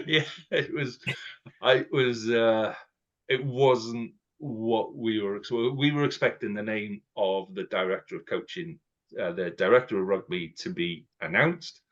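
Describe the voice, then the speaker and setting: A man's voice: lowish voice, unhurried, a bit bright. A man co-hosting a podcast in a casual, chatty way, acting out quoted exchanges as he goes. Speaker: podcast co-host. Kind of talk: casual chat. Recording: dull lo-fi sound.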